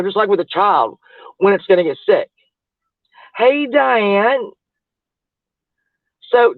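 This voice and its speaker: A woman's voice: medium pitch, no echo. A woman livestreaming, chatting casually with viewers in a gossipy, rambling way and laughing often. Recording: tinny phone-like audio, dry.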